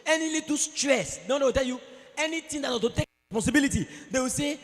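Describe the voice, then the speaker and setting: A man with a Nigerian accent delivers a preachy motivational talk, acting out quoted voices as he goes. His voice sits high and he talks with lots of energy. The sound rings with the long reverb of a large hall. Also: very animated, brisk. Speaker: conference speaker. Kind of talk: motivational speech. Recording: echoey hall.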